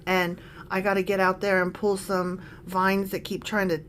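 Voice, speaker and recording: A woman's voice: mid-range voice, monotone, normal speed, a bit bright, a little hiss or hum. A woman co-hosting a casual podcast, reading scripture aloud and joking about it as she goes. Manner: chatty and joking, laughs often. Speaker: podcast co-host.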